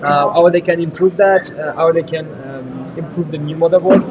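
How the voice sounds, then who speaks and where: A man's voice: fairly high pitch, moderate pace, dull audio. A man with a French accent co-hosting a live event stream, chatty and teasing while running a giveaway. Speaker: livestream co-host. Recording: crowd noise behind.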